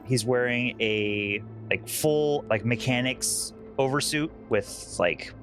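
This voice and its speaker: Male player, slow and halting, middle pitch, faint music underneath. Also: a bit bright. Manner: unhurried, hesitant with many fillers. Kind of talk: describing a character in a tabletop game.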